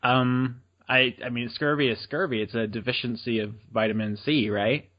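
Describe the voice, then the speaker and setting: A man's voice: mid-range voice, fairly even intonation, normal speed, dull audio. A man co-hosting a podcast, laughing easily and answering with dry skepticism. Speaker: podcast co-host. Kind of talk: casual chat.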